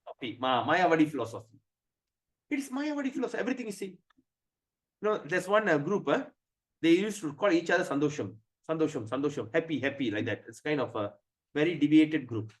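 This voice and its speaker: A man giving a religious class lecture. He asks rhetorical questions and pauses to search for words. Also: fairly high pitch, animated. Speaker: spiritual teacher.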